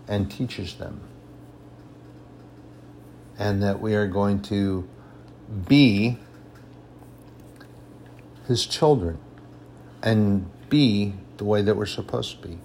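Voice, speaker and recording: Reading scripture in a raised, slow voice, a male preacher gives a sermon with emphasis and repeats points to drive them home. His voice is lowish, and a little hiss or hum is audible.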